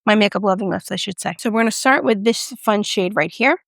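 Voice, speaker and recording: A woman's voice: medium pitch, a little fast, creaky, a bit bright, dry recording, clean studio sound. A woman from the United States, a beauty vlogger, chatting casually through a product review and joking about her own pronunciation.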